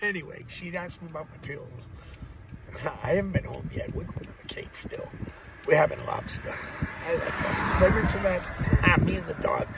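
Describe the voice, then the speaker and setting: A man's voice: high voice, moderate pace. A man vlogging from his car, rambling, swearing freely and laughing at his own jokes. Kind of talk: rambling casual monologue. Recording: outdoor traffic noise behind.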